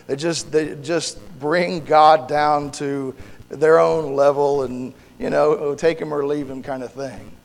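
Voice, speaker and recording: A male pastor with a gravelly, hoarse voice preaches a sermon and prays, halting and restarting as he searches for words. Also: a little high. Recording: long hall reverb.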